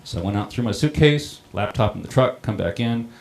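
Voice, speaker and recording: A middle-aged man who runs a town water system recounts a personal story in a plain-spoken, halting way. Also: medium pitch, lively intonation. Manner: plain-spoken, halting, many ums and restarts. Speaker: water district operator on a panel.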